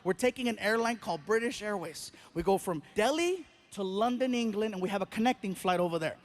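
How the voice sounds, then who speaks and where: A man performing stand-up comedy, telling a story in a lively way and acting out the other people in it. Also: high-pitched, brisk. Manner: animated, acts out the other people in his stories.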